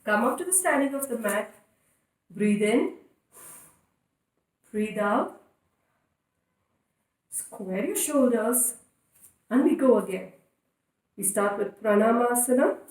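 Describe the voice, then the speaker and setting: A woman leading a children's yoga class in a playful, encouraging way, giving clear step-by-step instructions. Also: a little high, lively intonation, slow pace, pauses often. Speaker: kids' yoga teacher. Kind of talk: guided kids' yoga instruction. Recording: echoey room, voice from a distance.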